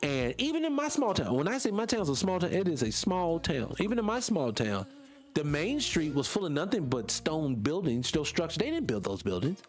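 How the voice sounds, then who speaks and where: A man's voice: on the high side, sing-song, moderate pace. A man, hosting a casual morning livestream, rambling and impassioned, answering chat comments and losing his train of thought. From small town in North Carolina. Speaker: morning show host.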